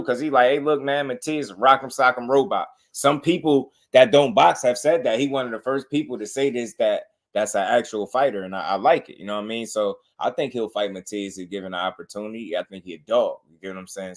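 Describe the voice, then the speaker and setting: A man hosting a casual boxing talk show, commenting on clips in a relaxed, repetitive way and often asking "you know what I mean.". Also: medium pitch, fairly quick.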